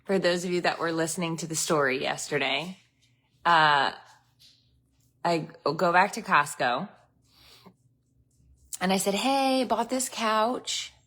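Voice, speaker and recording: A woman's voice: deep voice, a little slow, long pauses, bright, forceful tone. A woman host telling a story in a casual, chatty way, laughing often.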